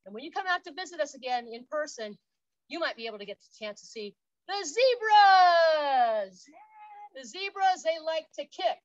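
A woman's voice: sits high, lively intonation, quick pace, muffled recording. A woman park guide leading an outdoor workout, upbeat, counting reps aloud and cheering, a little out of breath. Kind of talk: instructional exercise demonstration.

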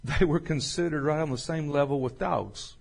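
A man preaching a sermon as pastor, slowing and swelling when he reads scripture. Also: on the high side, gravelly. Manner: folksy, swells louder and slower on scripture.

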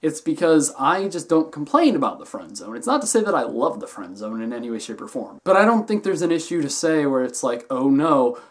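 A young man hosting his own vlog, talking casually and jokingly, swinging between loud bursts and quieter asides. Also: a little high, fairly quick, few pauses. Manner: animated, jokey, swings between loud and soft. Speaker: vlogger host.

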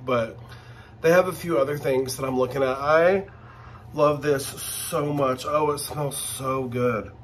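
A man hosting a casual unboxing vlog, gushing and excitable as he talks straight to his viewers. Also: medium pitch, a little slow, a little hiss or hum. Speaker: channel host.

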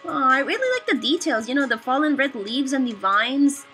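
A young woman giving excitable, animated let's play commentary on a video game. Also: sits high, normal speed, faint music behind. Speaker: gamer.

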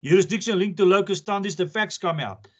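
A man's voice: high-pitched, a little fast. A man giving a recorded law lecture, talking in a conversational way and repeating his points for emphasis. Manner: repetitive, emphatic, conversational teaching.

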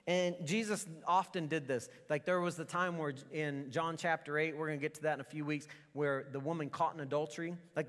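A middle-aged male pastor preaching a casual, conversational sermon full of asides and restarts. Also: a little high. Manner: informal, rambling asides and restarts. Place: church sanctuary. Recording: long church reverb.

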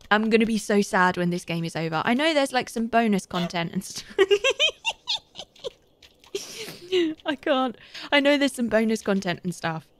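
A woman's voice: medium pitch, no room sound. A young woman chats through a live game stream, laughing often and thanking her viewers by name. Her voice sits mid-range for a woman. The sound is close and dry, with no room around it. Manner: giggly and chatty, thanking viewers. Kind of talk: live gameplay commentary.

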